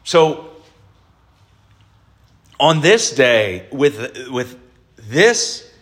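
A man preaches an Easter sermon at an unhurried, measured pace. His delivery is deliberate and emphatic, climbing higher to stress key points before settling back down. His voice sits in an ordinary middle register. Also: very animated. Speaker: pastor.

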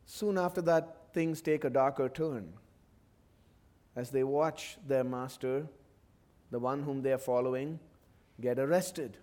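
A male pastor preaching a sermon, expressive and acting out voices from the story. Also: medium pitch, a little slow, pauses often. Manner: expressive, acts out the disciples' voices.

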